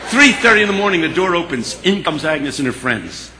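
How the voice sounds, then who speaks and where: A man telling a story to an audience in an animated, dramatic way, in a hall with a long echo. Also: on the high side, fairly quick, over a noisy crowd. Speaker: speaker. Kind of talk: storytelling speech. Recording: long hall reverb, faint hiss.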